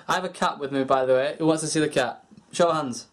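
A man's voice: on the high side, steady tone, quick pace. A young man vlogging in a rambling, chatty way, answering viewer questions and swearing casually.

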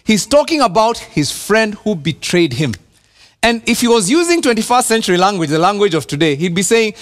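Kenyan pastor, sermon delivery, high and very animated, big swings between emphasis and hush. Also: male voice, a little fast. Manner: animated preaching, repeats words and drops to a hush for emphasis. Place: church.

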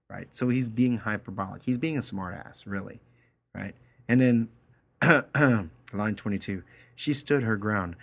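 A man's voice: deep voice, normal speed. A man teaching a story, reading it aloud line by line and then explaining it in a casual way, often checking in with his listeners.

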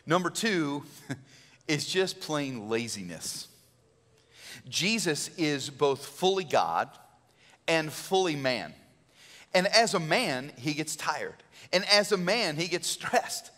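A male pastor giving an Easter sermon in a church, conversational and animated, acting out quotes. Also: fairly high pitch, slow pace. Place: church sanctuary. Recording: church hall reverb.

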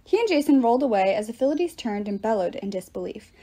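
A woman reading a novel aloud with lively, expressive narration. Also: fairly high pitch, fairly quick. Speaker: reader.

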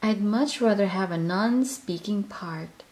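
A woman's voice: medium pitch, a little slow, darkish tone, a little hiss or hum, close to an everyday voice. A woman voicing a shy, small creature in a storybook reading, speaking modestly. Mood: relieved. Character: shy small male creature, happy to stay quiet.

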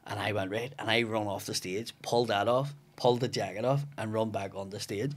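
A man's voice: fairly low pitch, brisk. Swearing Belfast man telling stories. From West Belfast, Northern Ireland. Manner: swearing, animated storyteller acting out dialogue. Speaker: comedian guest. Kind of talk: casual podcast chat. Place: podcast studio.

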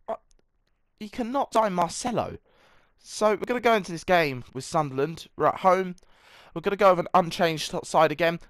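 A man's voice: fairly high pitch, a bit bright, no echo. A young man chatting through a football management game, self-mocking and breaking into mock match commentary. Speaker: gaming video creator. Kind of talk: casual gameplay commentary.

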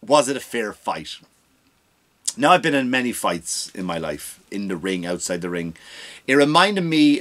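A male comedy podcast host in full rant, swearing freely and jumping into other people's voices to act them out. His pitch sits in the middle range for a man. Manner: animated, swears freely, acts out quoted voices.

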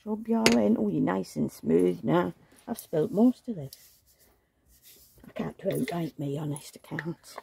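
A woman's voice: lowish voice, expressive, a little slow, creaky, noisy background. A woman chatting casually as she changes a doll, cooing in baby talk and drifting into gossipy stories. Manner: coos and baby-talks, chatty gossiping asides. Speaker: reborn doll vlogger. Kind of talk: casual chat while dressing a doll.

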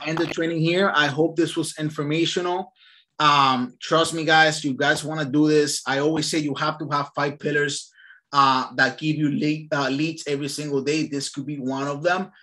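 Man, real estate trainer, lively storyteller, bright forceful tone, slightly high voice, video call. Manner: lively storytelling, casual and upbeat. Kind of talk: casual online training session.

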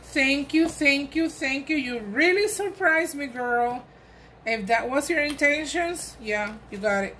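Slow-talking woman, gushing over a gift, voice a bit high. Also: pushed and bright, a little hiss or hum, rough recording. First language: Spanish. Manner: gushing, exclamatory, enthusiastic. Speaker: crafting vlogger. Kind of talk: gift unboxing chat.

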